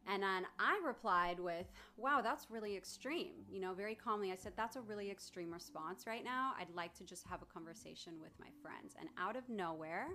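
A woman's voice: mid-range voice, a bit bright. Woman therapist telling a personal story. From Southern California. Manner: candid and emotional, with pauses and restarts.

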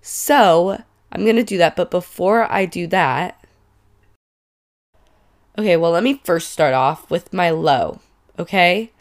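A woman's voice: lowish voice, slow pace, pauses often. A young woman in her twenties hosting a casual podcast, stuffed up from a cold and talking in a chatty, emphatic way. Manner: chatty and emphatic, rising to exclaim in mock outrage. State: congested from a cold. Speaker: podcast host. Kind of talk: casual solo podcast chat.

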